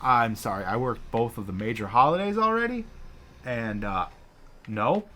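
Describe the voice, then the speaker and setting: A man co-hosting a casual gaming chat, telling a profane, animated story and acting out the people in it. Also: medium pitch, normal speed, slight background noise. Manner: profane, animated, acts out quoted bosses.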